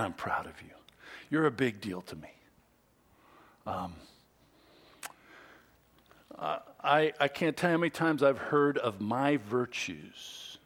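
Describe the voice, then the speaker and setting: Middle-aged man preaching conversationally. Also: mid-range voice. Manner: conversational preaching with quoted asides, dropping to soft whispers. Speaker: pastor. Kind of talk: sermon.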